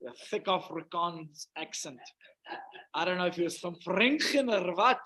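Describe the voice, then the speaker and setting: A man's voice: high-pitched, unhurried, pauses often, sharp tone, low-quality recording. A man with a Russian accent, a rabbi telling a long humorous anecdote in a chatty, self-interrupting way. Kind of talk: anecdotal storytelling talk.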